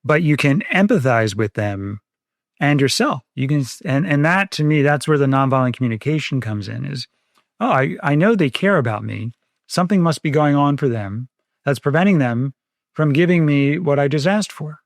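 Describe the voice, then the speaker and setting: A man's voice: fairly high pitch, animated, moderate pace, no echo, studio quality. A man co-hosting a parenting podcast, talking in a reflective, casual way and explaining ideas through everyday examples.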